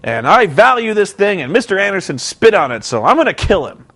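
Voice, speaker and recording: A man's voice: sits high, big pitch swings, fairly quick, fairly bright tone, full character voice. A man putting on a hammy, earnest male wrestler who speechifies about patriotism. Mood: indignant.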